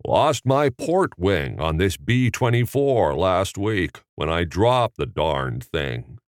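A man's voice: sits low, big pitch swings, slow, dry recording, clean studio sound, exaggerated voice. A man voicing a folksy, drawling middle-aged movie star with a hesitant manner. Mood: genial. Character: Jimmy Stewart impression, folksy stammering middle-aged man.

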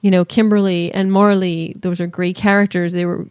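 A woman co-hosting a casual podcast, playful and quick to laugh as she reviews a film. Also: on the low side, flat delivery, darkish tone, clean tone, dry recording. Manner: playful, laughs often, breaks into sung bits. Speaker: podcast co-host. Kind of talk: casual chat.

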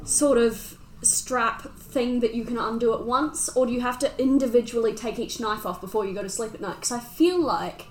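A woman's voice: on the high side, moderate pace, few pauses, slight background noise. A woman chatting at a tabletop game table and asking curious questions, recorded away from the mic. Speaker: player. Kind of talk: casual chat at a game table. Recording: echoey room, away from the mic.

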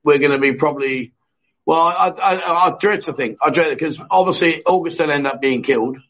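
Husky man hosting a jokey live chat. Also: on the high side, a little fast, a bit bright. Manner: jokey, banters with co-host, frequent restarts. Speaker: livestream chat show host. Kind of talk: casual live chat reading viewer comments. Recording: dull lo-fi stream audio.

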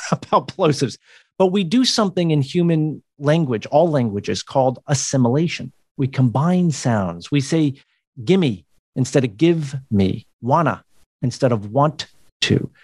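A man's voice: fairly high pitch, a little mellow, no echo, studio quality. A man from the United States, a communication coach, explaining things in a podcast interview with occasional laughs.

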